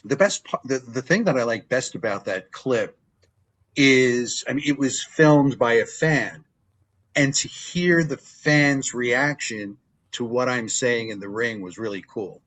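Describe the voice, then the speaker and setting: An older man who works as a wrestling ring announcer tells stories as a guest in a casual interview. His voice sits in the mid range and he speaks without hurry. He's an animated storyteller, acting out the dialogue he remembers.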